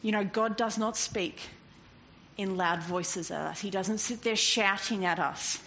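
A woman preaching a sermon in an animated way, swinging from loud to hushed and often laughing. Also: mid-range voice, a little slow. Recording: dull lo-fi recording with faint noise.

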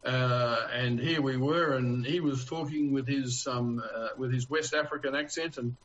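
A man's voice: mid-range voice, steady tone, unhurried, fairly bright tone. A man with an Australian accent preaching a conversational sermon as pastor, earnest and homely, with rhetorical questions to his congregation. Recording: dull, lo-fi sound.

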